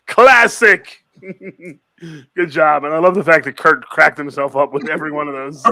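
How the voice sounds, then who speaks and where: Male comedy game host, bright, slow delivery, laughs a lot between names, dry close recording. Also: a little high, no echo. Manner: laughing often, calling on players by name. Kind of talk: comedy game show hosting.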